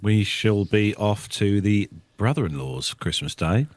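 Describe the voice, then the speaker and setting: A man with a lowish voice hosts a casual podcast, chatty and genial. He is recorded close and dry, with no room sound. He thanks his guests one by one. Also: expressive, measured pace, no echo. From United Kingdom. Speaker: podcast host. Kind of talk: casual podcast chat and sign-off.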